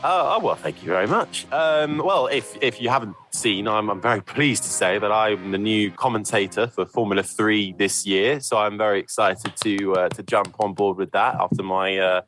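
A man's voice: on the low side, moderate pace, few pauses, fairly bright tone, faint music behind. A young man co-hosting a podcast and chatting eagerly, often stumbling and restarting his sentences. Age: young adult. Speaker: podcast co-host, commentator. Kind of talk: casual podcast chat.

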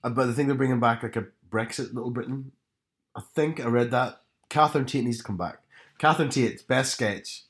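A man speaking in a soft rural Northern Irish accent, at an everyday male pitch. His talk is dry and blunt, the relaxed banter of a co-host in casual conversation. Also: brisk. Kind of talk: casual chat.

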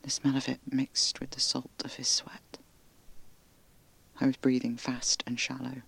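A man narrates a first-person horror audio drama in a hushed, intimate style, often slipping into breathy whispers. His voice is medium-pitched, monotone and unhurried.

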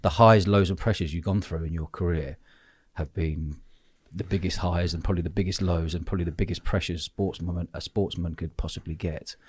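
English host, deep voice, dry close sound; chummy interviewer with quick asides. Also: male voice, fairly even intonation, breathy edge, no room sound. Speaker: podcast host. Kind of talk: casual interview.

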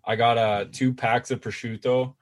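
A man's voice: medium pitch, flat delivery, normal speed. A young man with a Canadian accent, co-hosting a podcast and telling stories in a laid-back, casual way. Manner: laid-back storytelling, swears, lots of fillers. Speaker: podcast co-host. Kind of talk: casual chat.

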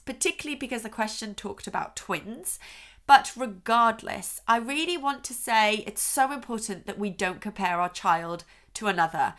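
A woman's voice: medium pitch, a bit bright. A middle-aged woman and parenting expert giving earnest, reassuring advice straight to the listener, often checking in with "okay?". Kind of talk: direct-to-camera advice talk.

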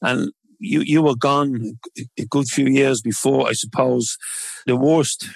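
A man's voice: mid-range voice, steady tone, takes it slowly, gravelly, no room sound. A man interviewing a guest, asking hesitant, thoughtful questions.

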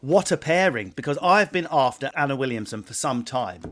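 A man's voice: mid-range voice, animated, moderate pace. A man hosting a podcast, talking in crude, joking banter. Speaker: podcast host. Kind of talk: comic podcast monologue.

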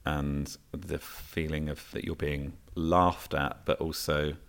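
Male comedian, very low voice, rambling story-teller. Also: takes it slowly, gravelly. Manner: animated anecdotes with many fillers and restarts. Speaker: comedian guest. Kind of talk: casual chat, storytelling.

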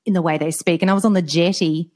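A woman's voice: on the low side, fairly even intonation, fast, darkish tone. A woman with an Australian accent in her thirties, co-hosting a podcast in a chatty, laughing, self-teasing way. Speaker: podcast co-host. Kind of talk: casual podcast chat.

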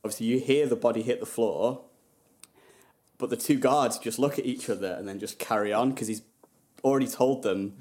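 A man co-hosting a casual film podcast, hesitant with ums and quick to laugh. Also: medium pitch, a little mellow. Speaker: podcast co-host. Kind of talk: casual chat about a film.

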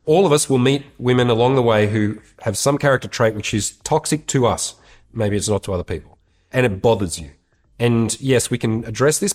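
A man's voice: medium pitch, darkish tone. A man hosting an advice show, talking through a listener's question in a blunt, candid way with casual swearing.

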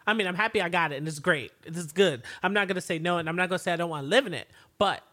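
A co-host on a casual TV recap podcast, talking in a relaxed, conversational way. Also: medium pitch, rapid-fire.

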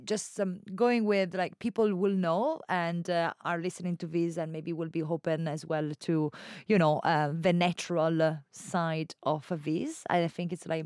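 A woman's voice: fairly low pitch, a little mellow, clean tone, no echo, studio quality. A woman from Italy with an Italian accent, interviewing in conversation, hesitant and searching for words.

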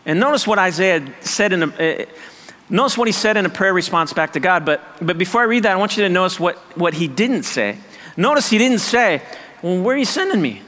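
A man preaching a sermon, lively and conversational, acting out people's excuses and laughing at himself. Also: high-pitched, brisk, big-room sound. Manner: animated, acts out voices of doubters, laughs often. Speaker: pastor.

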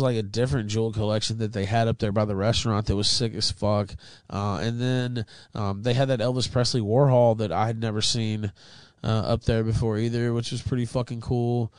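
A young man hosting a podcast, telling stories in a petty, profane, animated way. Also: medium pitch, dry recording. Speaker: podcast host. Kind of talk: casual chat.

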